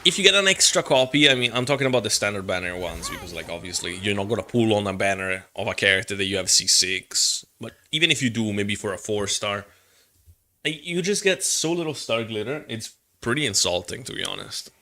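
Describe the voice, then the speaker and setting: A man's voice: on the low side, animated, fairly quick, bright, forceful tone. A young man streaming a game, chatting casually in a rambling, joking way and swearing freely. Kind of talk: casual livestream chat.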